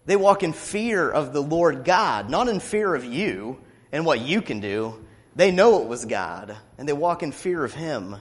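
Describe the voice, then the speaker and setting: Passionate preacher in a reverberant hall. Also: male voice, fairly high pitch, animated, takes it slowly. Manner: passionate, rising to loud declamation when reading scripture. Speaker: pastor. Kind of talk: sermon.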